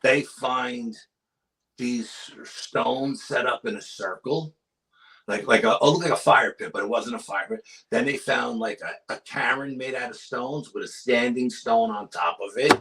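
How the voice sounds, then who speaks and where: A man, a paranormal researcher appearing as a guest, telling a story in casual chat with urgent energy and dropping to hushed tones for suspense. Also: medium pitch, unhurried, creaky, poor audio.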